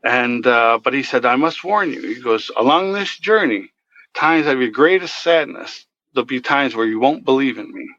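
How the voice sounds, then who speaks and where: A man earnestly telling of a dream in a halting way, with many fillers. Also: mid-range voice, animated, fairly bright tone, highs cut off. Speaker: guest telling his story. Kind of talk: personal storytelling.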